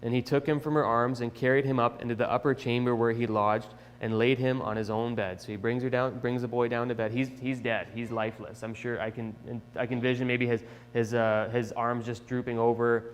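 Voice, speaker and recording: Young male teacher, casual Bible storytelling for kids, mid pitch, echoey church. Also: a little fast, few pauses, smooth. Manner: chatty, animated retelling, with restarts. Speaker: children's lesson teacher. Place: church sanctuary.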